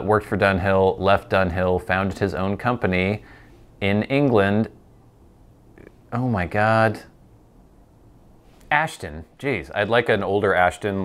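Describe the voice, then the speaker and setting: A man hosting a pipe-smoking show, chatting casually as he answers viewer questions, rambling and poking fun at himself. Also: low-pitched. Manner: rambling and self-deprecating, with many fillers.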